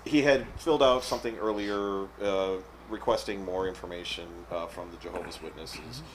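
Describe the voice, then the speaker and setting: A man's voice: low voice, moderate pace, slight background noise, low-quality recording. A man co-hosting a casual movie review podcast, joking and rambling as he describes the film. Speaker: podcast co-host.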